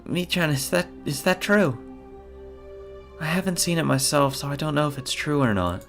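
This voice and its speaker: A man voicing a sweet, gentle teenage girl who speaks softly and pleadingly while reading a visual novel aloud. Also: fairly high pitch, moderate pace, faint music behind, voice pushed up. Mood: worried.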